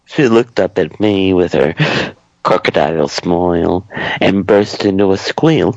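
Deep, gravelly, slow deadpan man. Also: dry recording, muffled recording. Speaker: storyteller. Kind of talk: deadpan comedic story narration.

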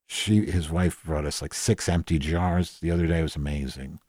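A man's voice: extremely low pitch, fairly even intonation, moderate pace, a little mellow, slightly rough, dry recording, studio quality. A man playing a cranky, foul-mouthed office worker named Madge in an improvised comedic monologue, rambling and mocking himself with many restarts. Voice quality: rambling, swearing, self-deprecating, many restarts. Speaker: podcast host in character.

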